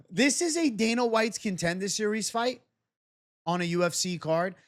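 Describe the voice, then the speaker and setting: Casual fast-talking man breaking down fights. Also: high-pitched, animated, a bit bright. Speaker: MMA betting analyst. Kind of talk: solo prediction breakdown.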